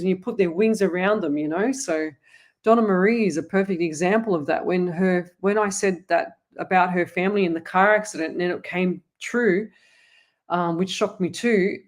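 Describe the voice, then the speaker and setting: A woman's voice: mid-range voice, darkish tone. A woman, a psychic medium hosting a live online Q&A, giving earnest, urgent advice and calling her viewers "lovey". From Australia. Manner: addresses viewers as lovey and guys.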